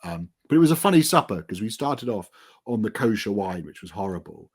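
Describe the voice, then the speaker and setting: A man's voice: lowish voice, sing-song, a little fast, husky. A man being interviewed as an author, chatting casually in a self-deprecating, rambling way. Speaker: author guest.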